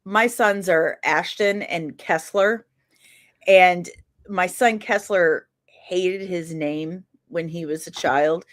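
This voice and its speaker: A middle-aged woman co-hosting a casual podcast chat, an animated storyteller who laughs often. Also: fairly low pitch, slow pace. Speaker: podcast co-host.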